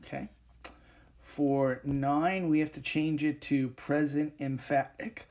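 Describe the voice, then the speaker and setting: A man teaching an English grammar lesson over a whiteboard recording, explaining step by step with frequent pauses and fillers. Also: fairly high pitch, steady tone, darkish tone.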